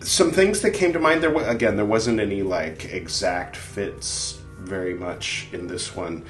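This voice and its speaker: A man's voice: lowish voice, unhurried. A man, the show's editor, chatting casually and working through his notes in a thoughtful, hesitant way. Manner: thoughtful, hesitant, with many fillers. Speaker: show editor and co-host. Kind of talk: casual chat, going over notes. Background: faint background music.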